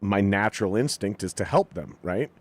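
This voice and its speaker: A man, a guest on a podcast, telling a story in a casual, animated way, swearing freely and acting out what people said. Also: fairly low pitch, normal speed, breathy edge. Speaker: podcast guest, rock musician.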